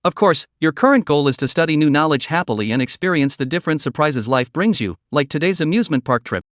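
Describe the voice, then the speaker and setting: A man's voice: a little high, expressive, fast, no room sound, studio quality, lightly acted. A man voicing a patient young aunt. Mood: gentle.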